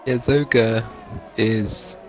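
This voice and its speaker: A man doing live commentary on a sim racing league, in relaxed, joking banter with his co-commentator, through a poor-quality mic. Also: on the low side, drawn-out words, a little hiss or hum.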